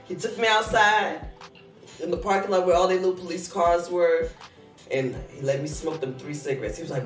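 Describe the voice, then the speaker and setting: A young woman telling a story in casual chat, animated and profane, acting out both sides of the dialogue. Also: lowish voice, brisk, recorded from a distance. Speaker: podcast host. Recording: echoey room from off-mic, faint music.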